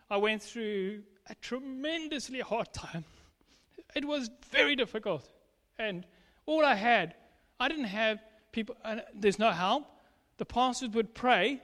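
A man with a strikingly high-pitched voice preaches a sermon in a church. He tells his story emphatically, slipping into lively acted dialogue. A long reverb from the hall trails each phrase. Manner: emphatic testimony, acting out quoted dialogue.

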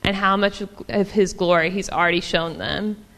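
A woman's voice: on the low side, moderate pace. Woman with a drawl, preaching in a reverberant hall. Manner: warm, chatty, many ums and small laughs. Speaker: church speaker. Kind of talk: casual sermon.

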